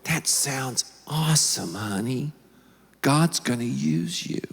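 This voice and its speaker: A man putting on a soft Mississippi mother. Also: medium pitch, animated, slow, vocal fry, breathy edge, voice pushed down, exaggerated voice. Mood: tender. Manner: soft, near-whispered, tender. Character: gentle older Southern mother, encouraging. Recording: long reverb from the hall.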